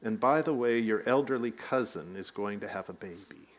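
A man's voice: lowish voice, normal speed. A man preaching a sermon, telling the story with rising emphasis and light asides. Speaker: pastor.

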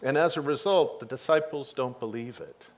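A man giving a sermon, reading scripture aloud and retelling the story with animated swings between hushed and loud delivery. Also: mid-range voice, moderate pace. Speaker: pastor.

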